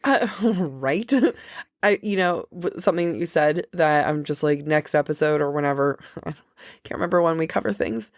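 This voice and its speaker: A woman's voice: deep voice, normal speed, no echo, studio quality. A woman co-hosting a book podcast in casual chat, with jokey, self-deprecating asides.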